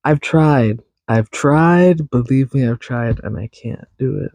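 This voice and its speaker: A man's voice: mid-range voice, takes it slowly, a little mellow, no echo. A man hosting a podcast alone, rambling in a chatty, self-teasing way. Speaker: podcast host. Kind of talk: casual solo podcast chat.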